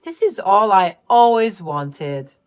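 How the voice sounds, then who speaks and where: A woman voicing a selfish young woman who pleads and shouts in a shrill, frantic way in a read-aloud family drama story. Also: big pitch swings, takes it slowly, clean tone, no room sound, studio quality. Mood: pleading.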